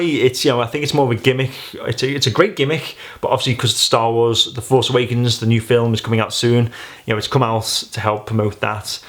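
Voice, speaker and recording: A man's voice: mid-range voice, fairly bright tone. A man giving a casual, rambling gadget review, chatty and full of filler phrases. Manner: rambling, chatty, many "you know"s.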